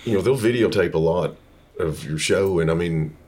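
Man, very deep voice, rock musician guest, casual chat, laid-back storyteller. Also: normal speed, darkish tone, breathy edge. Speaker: touring rock singer and guitarist, guest.

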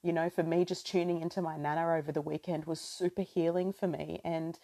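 A woman's voice: low voice, flat delivery, fairly quick, dark tone. An Australian woman in her thirties hosting a podcast, talking in a reflective, emotional spiritual monologue with many fillers. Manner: reflective and emotional, full of "you know" fillers. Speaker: podcast host.

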